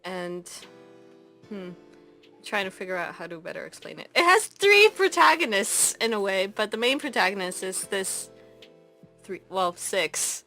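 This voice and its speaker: Young woman podcast co-host, bright tone, animated casual chat, faint music under her. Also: medium pitch, measured pace. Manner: animated, laughs often, acts out characters in loud mocking voices. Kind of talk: casual chat recapping anime.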